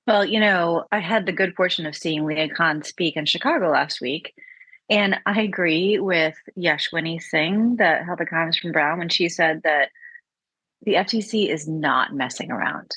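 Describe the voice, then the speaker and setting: A woman's voice: on the low side, moderate pace, fairly bright tone, husky, dry recording. A woman panelist talking in a thoughtful, conversational way on a podcast. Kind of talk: podcast discussion.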